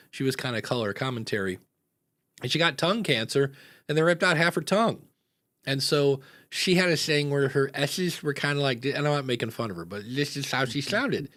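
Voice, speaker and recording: A man's voice: a little high, a bit bright. An American man hosting a podcast, talking casually and rambling with lots of fillers. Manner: rambling, chatty, many fillers. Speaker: podcast host.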